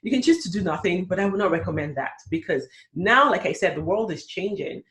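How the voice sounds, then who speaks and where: A middle-aged man, a career coach, giving an emphatic, animated motivational webinar pitch and acting out the doubts of others. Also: fairly quick.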